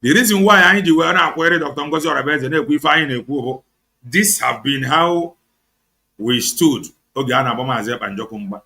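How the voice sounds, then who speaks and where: A Nigerian man with an Igbo accent delivers heated political commentary on his online show. He switches between English and Igbo with biting sarcasm. His voice is gravelly, bright and a little high. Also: fairly quick. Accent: Nigerian, Igbo-speaking.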